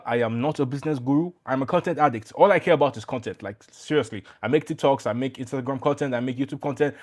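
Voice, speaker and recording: A man's voice: mid-range voice, a little mellow. A man talking to camera as a YouTube growth coach in a business explainer, casual and emphatic, with blunt asides.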